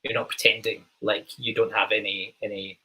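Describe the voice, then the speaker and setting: Bright, husky Glaswegian man. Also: on the low side, level tone, rough recording. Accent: Scottish, Glaswegian, toned down. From Glasgow, Scotland. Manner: halting, full of ums and restarts. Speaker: podcast host. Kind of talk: casual interview chat.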